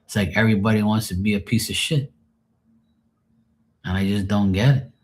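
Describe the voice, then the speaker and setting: A man's voice: on the low side, steady tone, moderate pace, darkish tone. A man on a live stream venting in a rambling, emotional monologue, swearing often and sounding drained and sad.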